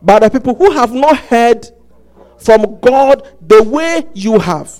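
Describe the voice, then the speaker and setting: A male pastor preaching a sermon, animated and repetitive, often stopping to ask the congregation if they follow him. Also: very high-pitched. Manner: repetitive, asks the congregation "Do you get it?"; halting restarts, animated storytelling.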